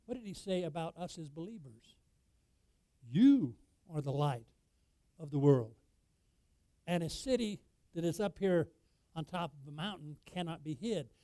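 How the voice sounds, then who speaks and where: A high-pitched man preaching a sermon in a dry, close sound with no room echo. He puts questions to the congregation and swells into loud, emphatic peaks before dropping to low, quiet lines. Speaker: pastor.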